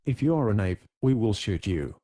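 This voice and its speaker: A stern male army colonel with short, commanding lines, put on by a male audiobook narrator. The voice sits low and restrained, with a mellow, dark tone. Every word is curt and clipped. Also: sing-song, normal speed.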